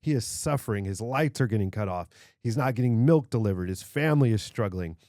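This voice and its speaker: A man co-hosting a casual podcast, retelling a favourite film with animated, stumbling enthusiasm. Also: fairly low pitch, brisk, no room sound, clean studio sound. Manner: animated storytelling, stumbles and repeats words. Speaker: podcast co-host.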